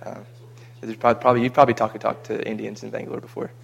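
Flat, gravelly man chatting. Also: on the low side, fast, highs cut off. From United States. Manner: chatty and rambling, with frequent repeated words. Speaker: vlogger recounting a mission trip. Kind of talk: casual chat.

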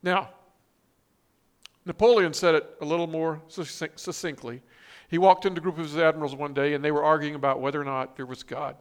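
A man's voice: a little high, steady tone, brisk, smooth. A man preaching a sermon, reading scripture and quotes with emphatic, rising stress and frequent restarts. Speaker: pastor.

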